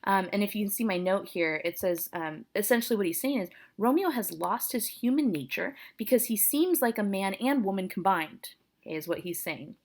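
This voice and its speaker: A woman's voice: medium pitch, animated, brisk. A woman English teacher reading a play aloud and explaining it to her students in a casual, chatty way.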